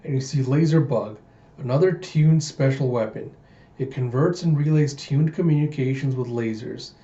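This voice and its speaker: A man casually reading a comic aloud, voicing sound effects and chuckling along. His voice is mellow and even, recorded in a roomy space with a slightly muffled, lo-fi sound. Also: medium pitch, normal speed. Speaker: manga readthrough host. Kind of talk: casual comic readthrough narration.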